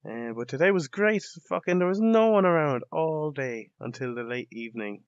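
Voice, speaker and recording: A man's voice: on the high side, animated, normal speed, smooth, no echo. A young Irish man hosting a podcast, speaking in a casual, sardonic and rambling comedic monologue full of swearing. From Ireland. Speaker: podcast host. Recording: dull lo-fi dry recording.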